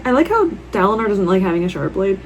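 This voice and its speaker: A woman vlogging her reactions while reading, gushing and excitable. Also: medium pitch, quick pace, a little hiss or hum. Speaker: book vlogger. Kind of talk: casual reading vlog reactions. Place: at home in a warm room.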